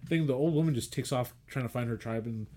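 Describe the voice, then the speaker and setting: Animated man retelling a movie. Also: mid-range voice, fast. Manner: animated storytelling, acts out quotes, swears and laughs. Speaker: podcast co-host. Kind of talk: casual movie chat.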